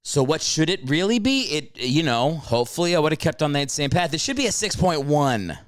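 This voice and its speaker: A man in his late thirties hosting a solo podcast from his home couch, talking in a brash, profane, excitable comedic rant, a little out of breath from a walk. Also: a little high, fairly quick, dry recording, clean studio sound. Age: 30s. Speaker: podcast host.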